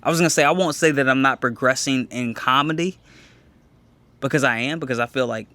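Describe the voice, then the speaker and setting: This male comedian's mid-range voice sounds pushed and bright as he co-hosts a casual podcast. He's candid and boastful, swears freely, and often restarts quickly.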